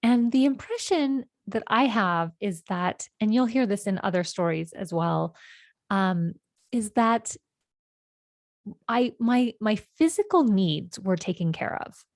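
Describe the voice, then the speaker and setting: A woman's voice: medium pitch, lively intonation, slow pace, no echo, clean studio sound. Reflective woman in her forties telling stories. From California. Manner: meandering, reflective, gentle self-corrections. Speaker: podcast host. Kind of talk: reflective personal storytelling.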